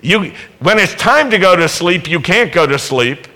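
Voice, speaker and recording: A man's high, expressive voice carries his sermon at a moderate pace during a worship service. He preaches emphatically, putting rhetorical questions to the congregation and building up to loud exhortations.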